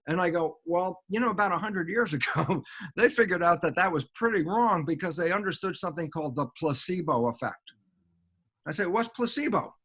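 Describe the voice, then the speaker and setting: An older man explaining science in a lively lecture style, quoting sources and acting out both sides of an imagined dialogue. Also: high voice, moderate pace, husky. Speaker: guest biologist.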